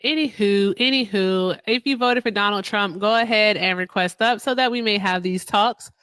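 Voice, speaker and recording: A woman's voice: medium pitch, normal speed, a bit bright, smooth, no echo. A woman hosting a casual live stream, joking with her audience and laughing often. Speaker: livestream host.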